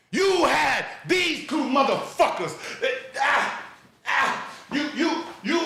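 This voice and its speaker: A man hosting a podcast, loudly ranting in profane, incredulous reaction commentary. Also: very high voice, big pitch swings, measured pace, creaky, reverberant. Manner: loud, profane, incredulous shouting. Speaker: podcast host.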